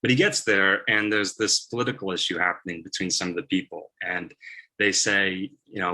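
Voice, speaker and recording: A man's voice: low-pitched, fairly even intonation, moderate pace, sharp tone. A man preaching a first-person narrative sermon in a casual storytelling manner with many fillers.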